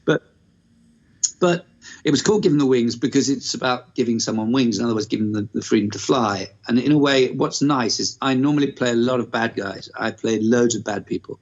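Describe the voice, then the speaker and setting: Husky man, frank rambling talk, muffled lo-fi stream audio, video call. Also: mid-range voice, a little fast. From Northeast England. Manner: rambling, frank, swears casually. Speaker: actor and comedian guest. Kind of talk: candid interview chat.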